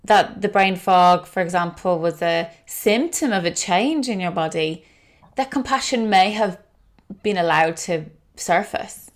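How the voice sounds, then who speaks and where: Woman podcast host, calm and reflective, empathetic questions. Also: lowish voice, unhurried. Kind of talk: podcast interview.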